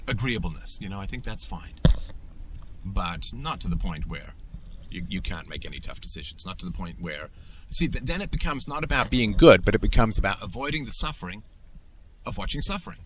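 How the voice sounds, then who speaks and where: A middle-aged man hosts a podcast, delivering an emphatic, opinionated monologue in a lecturing way and acting out quoted voices. His voice is low with a fairly bright tone, and there's slight background noise.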